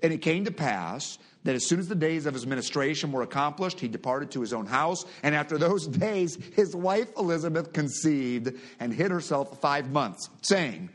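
A middle-aged man preaching a sermon, reading scripture aloud and leading his congregation in prayer. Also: mid-range voice. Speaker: pastor.

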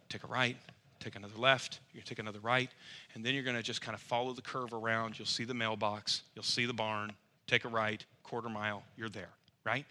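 Guy preaching, funny self-mocking story, really bright tense voice, mid pitch. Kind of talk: storytelling sermon.

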